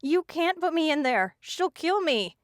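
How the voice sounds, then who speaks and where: A woman's voice: on the high side, expressive, moderate pace, smooth, dry recording, clean studio sound, voice pushed up, natural voice. A woman voicing a desperate, defiant teenage warrior girl who pleads in panic in an audiobook. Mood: panicked.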